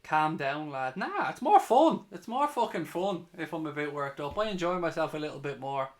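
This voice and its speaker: A man's voice: fairly high pitch, brisk, fairly bright tone. A man doing live match reaction as a fan channel host, mixing play-by-play with heated, sweary rants.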